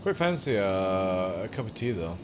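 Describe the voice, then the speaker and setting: A man's voice: low voice, big pitch swings, normal speed, background noise. A man streaming live from home, chatting casually with viewers and swearing now and then.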